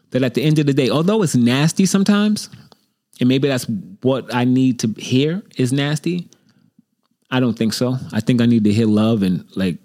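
A man hosting his own show from home, talking casually and rambling, with a self-deprecating streak, now and then muttering his inner critic's lines in a low voice. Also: a little mellow. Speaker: host. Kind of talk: casual solo monologue. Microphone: desk microphone.

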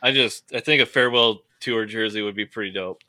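A man's voice: fairly low pitch, fairly quick, pushed and bright, no room sound. A man co-hosting a casual podcast, reacting with enthusiasm and easy slang. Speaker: podcast co-host. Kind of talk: casual chat.

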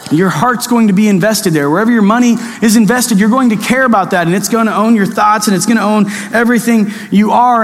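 A man preaching a casual sermon, telling stories with mock-excited asides. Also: high voice, long reverb tail. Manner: conversational, animated storytelling with mock-excited asides. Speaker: pastor.

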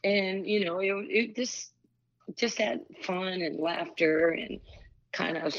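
Woman coach as interview guest, lowish voice, stumbling over her words, muffled lo-fi recording. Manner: halting, with many restarts. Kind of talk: casual interview chat. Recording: dull lo-fi sound.

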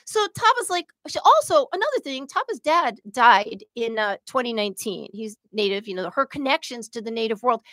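Animated high-voiced middle-aged woman. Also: no echo, clean studio sound. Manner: emotional, animated storytelling with acted quotes. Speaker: podcast co-host. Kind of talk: casual chat.

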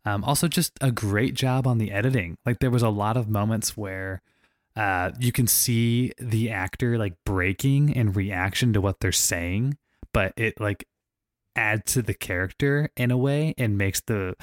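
Lowish voiced guy chatting about a film, relaxed, lots of ums, dry room sound. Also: a little slow, dry recording. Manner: relaxed, upbeat, many ums. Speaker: podcast co-host. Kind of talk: casual film review chat.

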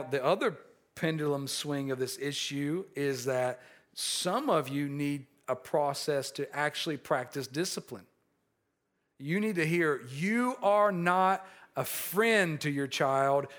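The pastor's voice is fairly high and slow as he shares a personal story from the pulpit. His telling has many restarts and repeated words, moving from animated to quiet and earnest.

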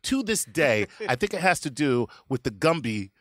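A middle-aged man hosting a comedy podcast, telling stories in an animated way, laughing often and slipping into voices. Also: medium pitch, normal speed, no room sound, clean studio sound. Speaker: podcast host. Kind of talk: casual comedic chat.

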